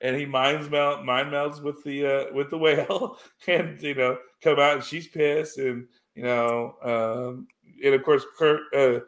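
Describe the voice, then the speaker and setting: A man chatting loosely about a film, wandering through the plot with plenty of ums and false starts. His voice sits at an everyday middle pitch. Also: little pitch movement, unhurried. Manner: rambling, many fillers and restarts. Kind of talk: casual chat recapping a film.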